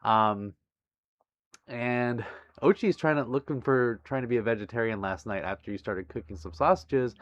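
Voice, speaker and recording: A man livestreaming casually from home, reading viewer messages aloud, giggling often and apologizing warmly. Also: medium pitch, normal speed, no room sound. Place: home, near a busy street. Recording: dry, slightly muffled stream audio.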